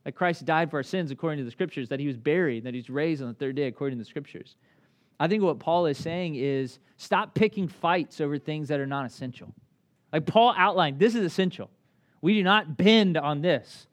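A man in his thirties preaching a sermon as a pastor, conversational and animated, with acted asides. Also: fairly high pitch, fairly quick.

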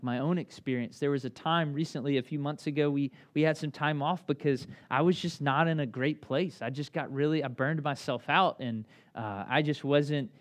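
A man in his thirties preaching a sermon as a pastor, conversational and animated, with acted asides. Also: medium pitch.

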